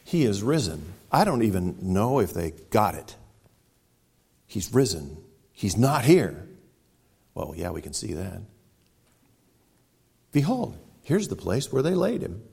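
A male pastor preaching with a low, gravelly voice. He tells the story with drama, jumping up into loud exclamations and then dropping into near-hushed lines. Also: big pitch swings, slow pace, pauses often. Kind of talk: sermon.

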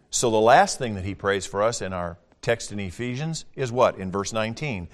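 Older male preacher in a reverberant hall. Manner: folksy, swings from booming scripture reading to quiet asides. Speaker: pastor. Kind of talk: sermon.

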